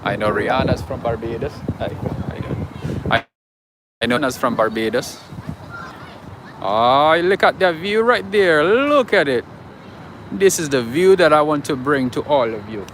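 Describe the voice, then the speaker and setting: A man's voice: medium pitch, animated, normal speed, long pauses. Man livestreaming on a noisy street. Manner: chatty, reads out viewer names and greets them. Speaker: livestream host. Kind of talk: casual livestream chat with viewers. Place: outdoors on a city street. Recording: outdoor livestream with clear street noise. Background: street traffic.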